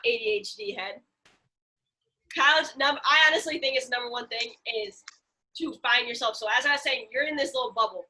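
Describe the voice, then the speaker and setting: Young woman from central illinois, bright high voice, animated, cusses a lot, on a video call. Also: a little fast. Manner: animated, swears freely, gives blunt advice. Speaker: podcast co-host. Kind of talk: casual chat.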